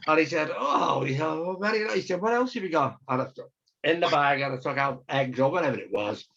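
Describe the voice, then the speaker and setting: A man's voice: on the high side, lively intonation, a little fast, a bit bright. A man, an illustrator, telling a long chatty anecdote over a video call and acting out the voices of the people in it. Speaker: storyteller and illustrator. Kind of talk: casual storytelling on a video call. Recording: dull lo-fi video call audio.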